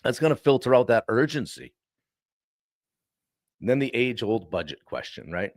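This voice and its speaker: An animated male coach hosting a live-stream talk who often stops to clear his throat. His voice sits at an ordinary middle pitch. The sound is close and dry, with no room echo. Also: normal speed. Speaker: sales coach and show host.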